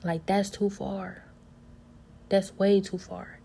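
A woman telling a personal story in a casual, earnest way, with loose informal grammar, often dropping to a soft whisper. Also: mid-range voice, level tone, slow, creaky, a little hiss or hum.

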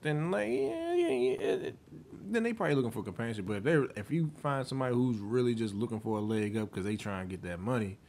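A man's voice: medium pitch, big pitch swings, gravelly, darkish tone. A man co-hosting a podcast, giving blunt, profane opinions in a casual chat. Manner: blunt, profane, quick agreeing interjections. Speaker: podcast co-host.

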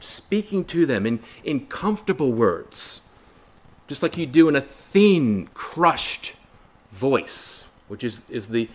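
A man preaching a Bible study sermon in an earnest way, asking rhetorical questions, repeating phrases and calling listeners brothers and sisters. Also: mid-range voice.

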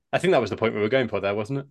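A man co-hosting a podcast, chatting in an easygoing, agreeable way. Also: medium pitch. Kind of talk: casual chat.

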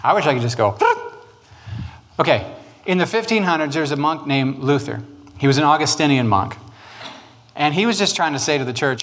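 Guy preaching church history, jokey and lively, lots of asides. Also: fairly high pitch. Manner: animated, joking, quick asides and put-on quotes. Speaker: pastor.

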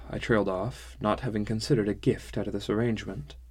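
Low-voiced man reading a novel aloud. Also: fairly even intonation, quick pace, few pauses, a little mellow, husky. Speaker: audiobook narrator. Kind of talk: first-person novel reading.

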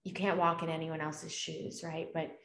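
A woman speaks earnestly and reflectively, co-hosting a casual conversation about spiritual matters. Her voice sits a little low for a woman. The room adds a noticeable echo. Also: little pitch movement, normal speed, creaky, fairly bright tone.

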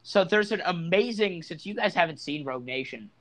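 A fairly high-voiced man hosts a relaxed movie podcast, steering the talk and gushing about favorite scenes. He sounds casual and eager. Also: fairly quick. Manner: enthusiastic, leads the discussion. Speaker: podcast host. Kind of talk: casual movie review chat.

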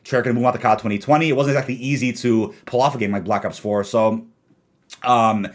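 A young man hosts a casual gaming podcast from home over a call. He talks quickly and argues with animation, stacking up his points. His pitch sits in an ordinary middle range. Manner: rapid, animated, argumentative. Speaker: podcast host.

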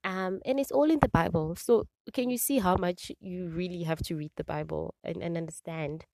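A woman's voice: lowish voice, normal speed, creaky, darkish tone, no room sound. Earnest woman podcasting from a car. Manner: earnest, repeats herself, many fillers. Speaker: podcast host. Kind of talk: casual faith talk. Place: parked car. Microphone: phone or built-in mic, no proper microphone.

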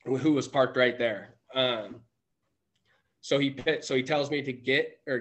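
A man's voice: mid-range voice, a little slow, fairly bright tone. A man telling a personal story as a podcast guest, rambling with many restarts and self-corrections. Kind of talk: casual storytelling.

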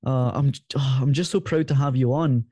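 A man hosting a podcast, asking his guest questions in a measured way and often repeating words. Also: mid-range voice, steady tone, mellow, no echo. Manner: measured, repeats words while searching for them. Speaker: podcast host. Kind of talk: interview questions.

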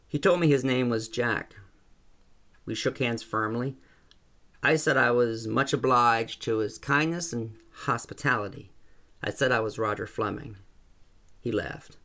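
A man reading a first-person story aloud in a calm, even way. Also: medium pitch, a little slow, long pauses. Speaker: narrator.

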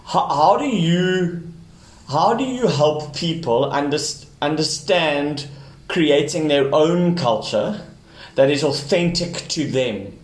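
A man's voice: fairly high pitch, lively intonation, slow pace. A man hosting a podcast who often repeats words as he starts a thought. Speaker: podcast host. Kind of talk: podcast conversation. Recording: roomy echo.

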